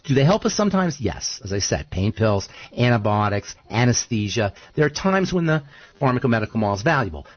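Man, podcast host, lively pitch, husky, rhetorical questions, dull lo-fi sound. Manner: animated, storytelling, rhetorical questions. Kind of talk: casual chat. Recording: dull lo-fi recording.

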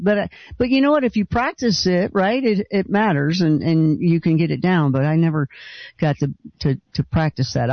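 A male radio host with a notably high voice chats eagerly with a caller. The sound is dry and a little dull. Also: dry recording. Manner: enthusiastic and chatty. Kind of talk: radio call-in chat.

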